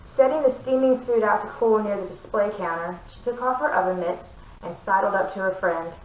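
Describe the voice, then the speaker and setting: Woman reading a novel aloud for her channel, expressive, mid-pitched, echoey room, mic set back. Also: moderate pace, far from the mic. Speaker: book reader.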